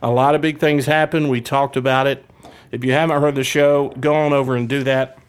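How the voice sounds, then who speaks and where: A man's voice: mid-range voice, flat delivery, brisk, clean tone. Joking podcast host, man. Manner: joking, rambling, playful trash talk. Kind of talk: casual wrestling podcast chat.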